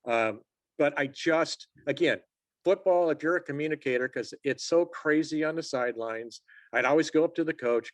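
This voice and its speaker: A man's voice: a little high, moderate pace, no echo. A man in his sixties, a sports officials assignor, telling stories as a guest in a casual interview and acting out quotes in a raised voice. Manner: lively storyteller who acts out quotes in a raised voice.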